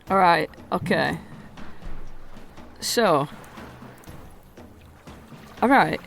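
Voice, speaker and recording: A woman's voice: on the low side, animated, takes it slowly, creaky, pauses often, over music. A woman acting as dungeon master, explaining the scene in a chatty way and correcting herself as she goes. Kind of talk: running a tabletop game.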